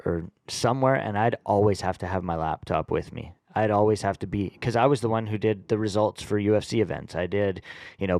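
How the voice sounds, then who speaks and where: Relaxed low-voiced man telling stories. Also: dry recording. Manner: relaxed storyteller with many fillers. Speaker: guest. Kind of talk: casual podcast conversation.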